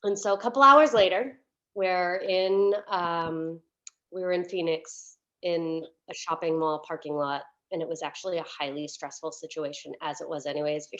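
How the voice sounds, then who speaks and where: A woman's voice: fairly low pitch, a bit bright. A woman minister giving a sermon as a candid, chatty personal story, with many fillers and restarts, at times close to tears. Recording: dull lo-fi recording.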